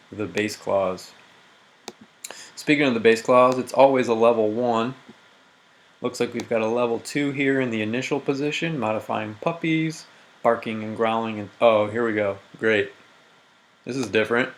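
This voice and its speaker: A man teaching a recorded grammar lesson, walking methodically through diagrams and reading example sentences slowly with emphasis. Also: mid-range voice.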